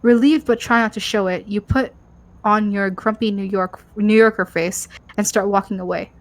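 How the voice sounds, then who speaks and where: A woman's voice: mid-range voice, steady tone, moderate pace. A woman co-host reading a story game's narration aloud, stumbling over words and laughing often.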